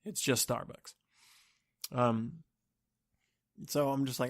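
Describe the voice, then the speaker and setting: A man's voice: mid-range voice, level tone, slow, long pauses, no room sound, clean studio sound. A man ranting on his own podcast in a rambling, profane, exasperated way. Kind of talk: solo rant monologue.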